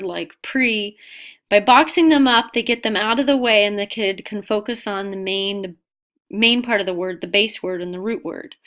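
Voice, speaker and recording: A woman's voice: medium pitch, a bit bright. A woman narrating an instructional video, explaining a method step by step.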